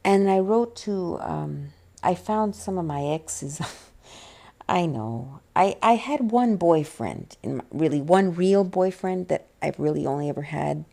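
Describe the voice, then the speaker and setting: Low, gravelly woman rambling through tears. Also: lively intonation, warm tone. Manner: rambling, halting, with many restarts and fillers. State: tearful, on the verge of crying. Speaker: vlogger. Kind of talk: personal confessional vlog, soft-spoken.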